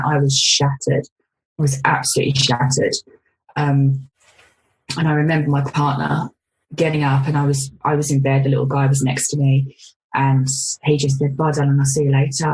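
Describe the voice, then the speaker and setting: Woman on a podcast, pretty low voice, just openly talking through a rough time and laughing it off here and there. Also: rough recording. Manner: frank, laughs through hard memories. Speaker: podcast guest. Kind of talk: candid personal storytelling.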